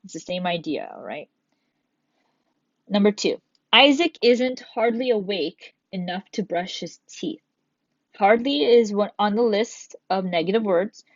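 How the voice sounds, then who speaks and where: A woman teacher patiently walks through a recorded grammar lesson step by step, reading examples aloud. Her medium-pitched voice is unhurried, and the lo-fi recording sounds dull and dry with no room sound.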